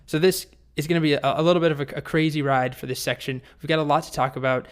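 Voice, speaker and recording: A man teaching programming, telling a story in a playful, lively way before the lesson. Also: on the high side, fast talker. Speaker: programming instructor. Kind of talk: storytelling tutorial.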